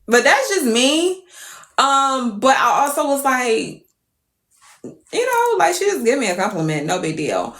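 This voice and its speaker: A woman telling a story to viewers on a live stream, animated and profane. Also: high voice, a little slow, echoey room.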